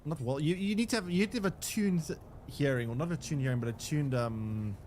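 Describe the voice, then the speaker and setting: A man's voice: fairly high pitch, brisk, darkish tone, a little hiss or hum. A young man, chatting casually with his live chat while playing a game, rambling with restarts and fillers. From South Africa. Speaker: streamer.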